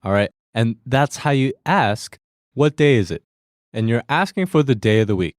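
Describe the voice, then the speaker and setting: A man hosts a language lesson, walking learners through Korean phrases step by step. His mid-pitched voice rises and falls in lively swings. The sound is close and dry, with no room around it. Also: moderate pace, dry recording. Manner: friendly, breaks down phrases step by step, laughs easily.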